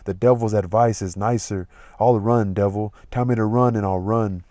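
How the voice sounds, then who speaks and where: A man's voice: fairly low pitch, fairly even intonation, normal speed, mellow, no echo, studio quality, lightly acted. A man voicing a comic young male servant, reading the old lines plainly and then retelling them in everyday speech. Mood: torn. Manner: reads old verse plainly, then retells it in modern slang.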